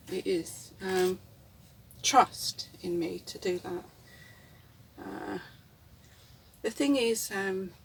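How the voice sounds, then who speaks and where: Woman, rambling candid vlog talk, chuckles often, mid pitch, mic a little far off, faint noise. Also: vocal fry. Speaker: vlogger. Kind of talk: reflective casual monologue. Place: inside a camper van.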